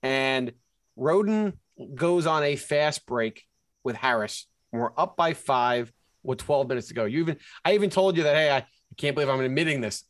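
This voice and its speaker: A man's voice: mid-range voice, fairly bright tone, no echo. A man co-hosting a casual sports podcast, animatedly walking through game sequences. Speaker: podcast co-host.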